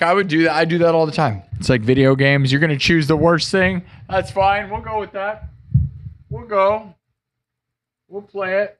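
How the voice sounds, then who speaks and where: A man's voice: high voice, fairly bright tone. A man hosting a live music stream, chatting with his viewers in a joking, rambling and playfully defensive way. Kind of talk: casual chat with live chat viewers. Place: home studio, live stream.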